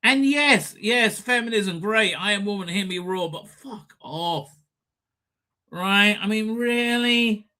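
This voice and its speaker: A man's voice: high-pitched, slow pace, sharp tone. A man hosting a live stream, ranting sarcastically and crudely at video clips and swearing freely.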